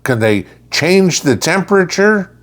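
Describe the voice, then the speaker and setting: A man's voice: high-pitched, sing-song, unhurried. A middle-aged man with a blunt, lecturing and sarcastic way of talking, delivering a casual opinion monologue as a channel host.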